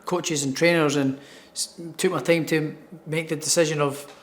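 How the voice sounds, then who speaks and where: A man's voice: fairly high pitch, fairly even intonation, moderate pace. A man with a Scottish accent, a professional boxer answering interview questions in an upbeat way and repeating words as he starts his thoughts. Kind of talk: sports interview.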